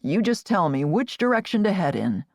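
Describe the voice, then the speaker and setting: A woman voicing a calm, steady young Amish man who speaks in a lowered, reassuring voice. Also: normal speed, dry recording, studio quality.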